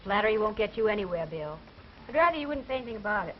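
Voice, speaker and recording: An actress playing a young nightclub singer in 1930s film acting, with quick, guarded replies. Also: female voice, mid-range voice, lively intonation, slight background noise, natural voice. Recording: dull, lo-fi old film soundtrack.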